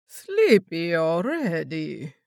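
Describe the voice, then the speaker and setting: A woman's voice: on the low side, huge pitch swings, very slow, gravelly, a little mellow, no room sound, clean studio sound, exaggerated voice. A woman voicing a crazed, deranged male hunter who speaks in a heavy put-on Russian accent, cooing and taunting.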